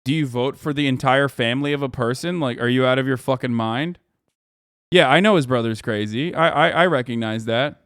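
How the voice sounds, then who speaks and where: A man's voice: medium pitch, a little fast, a bit bright, clean tone, no room sound, clean studio sound. A man hosting a live stream who reacts to news clips with heated, profane ranting and reads items aloud.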